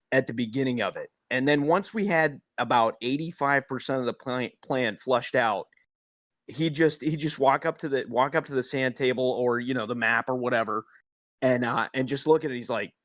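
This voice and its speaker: A man who is a guest on a podcast and a former platoon sergeant, talking in a measured, thoughtful way. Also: medium pitch, no room sound. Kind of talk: reflective conversation.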